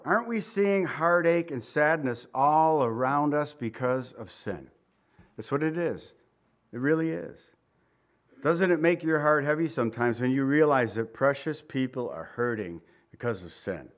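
A male pastor giving a conversational sermon. He reads scripture, repeats key phrases for emphasis and drops into quiet asides. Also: fairly high pitch, animated, a little slow.

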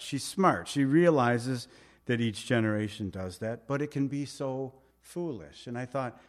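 This middle-aged pastor preaches a sermon in a mid-range voice at a normal speed. He's earnest and conversational, posing rhetorical questions and pleading with a touch of humor.

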